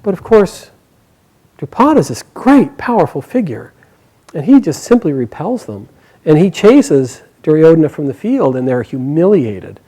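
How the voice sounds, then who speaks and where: A man telling an epic story live, animated and dramatic, sometimes correcting himself. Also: on the high side, normal speed, rough recording.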